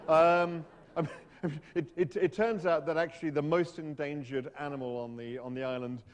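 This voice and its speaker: A man's voice: fairly high pitch, fairly even intonation, normal speed, long reverb tail. A man giving a humorous storytelling talk to an audience, wry and hesitant, often restarting his sentences. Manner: hesitant, self-interrupting, wry.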